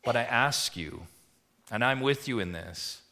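A man preaching a sermon as pastor, moving from quiet reflection to emphatic appeals and repeated rhetorical questions to the congregation. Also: mid-range voice, expressive, unhurried. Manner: swings between hushed reflection and rising emphatic appeals.

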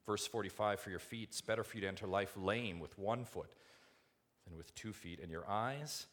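A man preaching a sermon to his church, asking rhetorical questions and swinging from hushed asides to loud, emphatic build-ups. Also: lowish voice, moderate pace. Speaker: pastor.

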